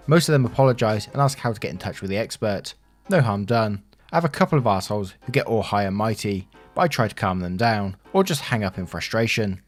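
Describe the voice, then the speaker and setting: A man narrating online stories aloud, with casual asides of his own between them. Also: fairly low pitch. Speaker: story narrator. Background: faint background music.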